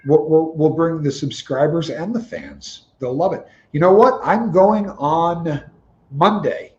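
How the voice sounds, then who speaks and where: A man's voice: a little high, a little slow, reverberant, slight background noise. A man co-hosting a casual livestream chat in an easygoing, wry way. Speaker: co-host. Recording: dull lo-fi mic.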